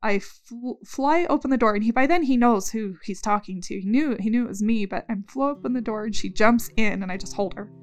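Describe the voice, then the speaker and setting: A woman's voice: fairly high pitch, brisk, few pauses, faint music behind. A woman telling her story in an interview, acting out what she said in the moment. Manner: animated storytelling with quoted speech. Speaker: interviewee recounting events. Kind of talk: recorded interview recollection.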